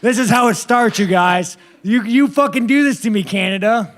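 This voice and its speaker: A man's voice: sits high, normal speed, a bit bright. A man, a fighter at a press conference, answering questions in a blunt, profane, rambling way.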